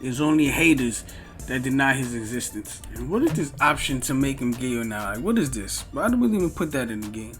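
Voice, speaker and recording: A man's voice: mid-range voice, lively intonation, a little fast, fairly bright tone, soft background music. A man doing reaction commentary, talking straight back at another creator in a heated, argumentative way with loose, slang-heavy street talk. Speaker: YouTube commentator answering another video.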